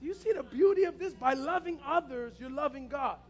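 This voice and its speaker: A man's voice: very high-pitched, expressive, brisk. A man preaching a passionate sermon as pastor, repeating his key phrases.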